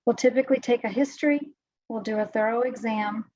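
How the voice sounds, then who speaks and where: A woman voice specialist giving a health webinar presentation, explaining clearly and patiently. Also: fairly high pitch, a little fast, darkish tone. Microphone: video call microphone. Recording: dry, slightly dull audio.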